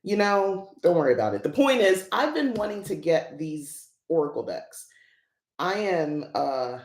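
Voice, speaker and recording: A woman's voice: deep voice, darkish tone. Rambling woman host in an echoey room. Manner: rambling, chatty, laughs often. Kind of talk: casual unboxing chat.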